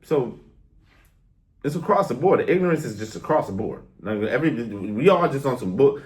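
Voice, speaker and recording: A man's voice: mid-range voice, animated, fairly quick, darkish tone. A young man ranting bluntly to his viewers in a casual, exasperated way, full of street slang. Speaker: vlogger. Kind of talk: casual rant to camera.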